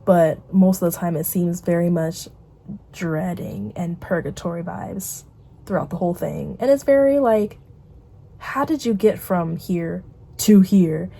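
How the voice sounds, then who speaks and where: A woman's voice: lowish voice, unhurried, vocal fry, warm tone, breathy edge. A young woman vlogging casually, rambling through a catch-up and quoting herself with put-on voices.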